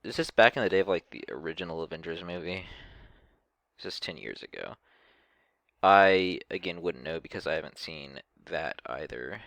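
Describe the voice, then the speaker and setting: Male reaction host, low and gravelly, halting delivery, dry close mic. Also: expressive, fairly bright tone, no echo. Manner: hesitant, many ums and restarts. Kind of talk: casual reaction commentary.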